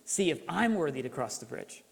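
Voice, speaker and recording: A pastor voicing an eager, easily flustered knight, in an echoey hall. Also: male voice, medium pitch, sing-song, a little fast, vocal fry. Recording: echoey church hall reverb.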